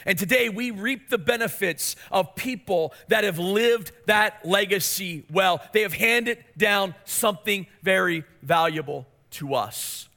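High, bright-voiced male pastor preaching. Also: unhurried, few pauses. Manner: storytelling, animated, asks the congregation questions. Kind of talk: sermon.

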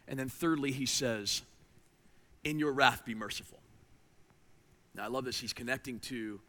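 Man preaching a sermon, high voice, bright and forceful tone, emphatic with hushed drops. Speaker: pastor.

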